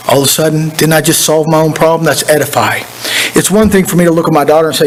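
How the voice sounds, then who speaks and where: A man's voice: a little high, quick pace, a little hiss or hum, low-quality recording. A man preaching a sermon as pastor, in a folksy, conversational way with repeated phrases. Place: church sanctuary.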